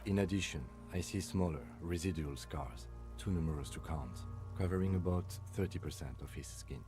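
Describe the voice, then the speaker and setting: An actor playing a calm, methodical male police lieutenant in a video game, speaking in a measured, clinical, dry way. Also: low-pitched, music in the background, lightly acted.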